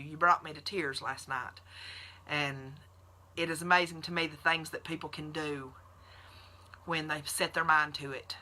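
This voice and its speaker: A woman's voice: low-pitched, bright, forceful tone. A woman, a nurse telling folksy stories directly to her followers on a live video. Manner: folksy storyteller, addresses viewers directly. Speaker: nurse hosting a keto support group.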